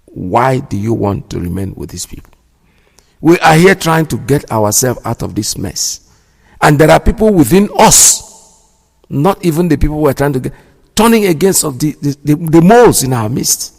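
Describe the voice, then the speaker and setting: Man, radio host, indignant commentary, gravelly voice, long reverb. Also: on the high side, sing-song, normal speed, a little mellow. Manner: preachy, indignant, repeats himself.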